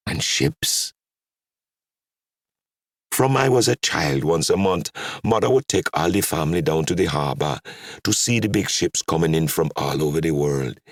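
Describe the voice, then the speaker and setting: Deep gravelly male audiobook narrator. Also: dry recording, studio quality.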